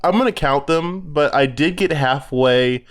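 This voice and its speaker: A man's voice: on the high side, a little slow. A man co-hosting a podcast, telling rambling stories full of fillers and laughing at his own jokes. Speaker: podcast co-host. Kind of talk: casual chat.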